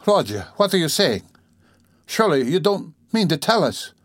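A man gives voice to an anxious, tearful middle-aged mother who pleads timidly, pitching his mid-range, expressive voice above his own in a lightly acted performance. The pace is normal and the studio-quality recording has no echo.

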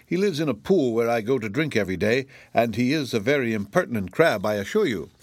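A man's voice: medium pitch, animated, fast, no echo, close to an everyday voice. A man voicing a proud, pompous male zebra in a storybook reading, with a formal and indignant way of speaking. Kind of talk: audiobook reading.

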